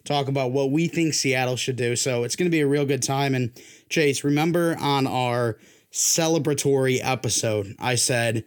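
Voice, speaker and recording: A man's voice: medium pitch, normal speed, smooth. A young man hosting a casual sports podcast, his voice worn down, joking loosely and pushing himself to sound hyped. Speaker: podcast host.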